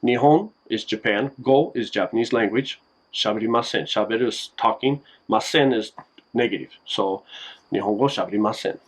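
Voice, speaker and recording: In a home video lesson, a man with a lowish voice casually explains simple phrases. He's relaxed and slow, uses many fillers, and the recording is rough.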